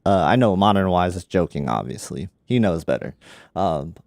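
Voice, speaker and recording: Chill guy hosting a tech stream, laughs a lot, kinda low voice, dry mic. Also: lively intonation, moderate pace, vocal fry, a little mellow, no echo. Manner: laid-back, laughs often, says "like" a lot. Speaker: host of a tech livestream. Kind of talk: casual livestream chat. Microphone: studio microphone.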